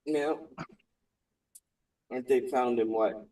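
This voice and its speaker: A man's voice: medium pitch, steady tone, slow, dark tone, far from the mic, poor audio. A man chatting casually with friends, reacting with short lines and swearing.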